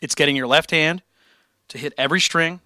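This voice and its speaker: A man's voice: a little high, brisk, pushed and bright, dry recording, studio quality. A young man streaming and answering chat questions about guitar, blunt and encouraging, with casual swearing and rambling tangents.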